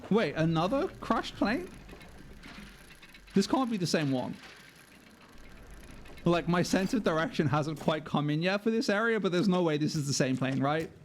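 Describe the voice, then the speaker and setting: A man's voice: fairly high pitch, animated, normal speed, pauses often, a little hiss or hum. A man streaming a game live, joking, swearing freely and laughing often. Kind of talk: live gameplay commentary.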